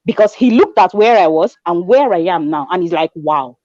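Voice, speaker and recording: A woman in her twenties with a Nigerian accent, telling her story in an animated way as a guest, acting out dialogue and mixing in pidgin. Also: on the low side, fairly quick, no echo, lo-fi sound. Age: 20s. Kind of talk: conversational testimony.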